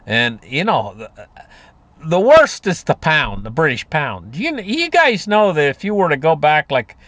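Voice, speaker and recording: Casting: man, folksy rambling commentator, animated pitch, dry close sound. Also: unhurried, no room sound. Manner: rambling, folksy, many fillers and restarts. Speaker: market commentator. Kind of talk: casual monologue on finance.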